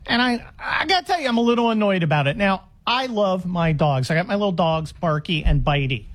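A man in his sixties hosting a call-in radio show, talking in an animated, exasperated and rambling way with frequent restarts. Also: sits high, quick pace. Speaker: radio talk show host. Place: Los Angeles area radio studio.

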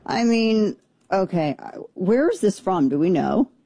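A talk radio host commenting on air in a joking, incredulous way and often repeating herself. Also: female voice, medium pitch, big pitch swings, a little slow, warm tone, husky, dry recording.

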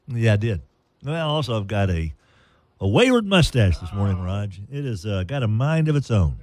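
A man's voice: fairly low pitch, sing-song, moderate pace, a little mellow, soft background music. A man hosting a live morning radio show, joking around and reading sponsor spots in a playful way. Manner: playful, jokey, with ad reads. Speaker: radio and podcast host. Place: radio studio.

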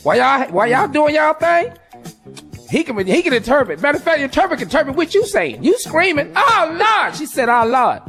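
A woman's voice: high-pitched, sing-song, fast, vocal fry, faint music behind. A woman co-hosting a radio morning show, talking in a drawling, slangy, joking way, laughing as she goes. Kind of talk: casual comedic banter. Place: radio studio.

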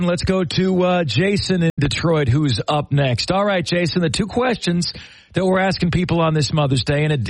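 Male sports radio host, high pitched, upbeat, dry booth sound. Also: dry recording. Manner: energetic, enthusiastic, quick to laugh. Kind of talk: call-in radio show.

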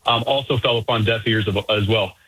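Male caller, playful jokester, bright and a little husky, dry sound. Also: lowish voice, no echo, rough recording. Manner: playful, quick joking riffs. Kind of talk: call-in radio chat.

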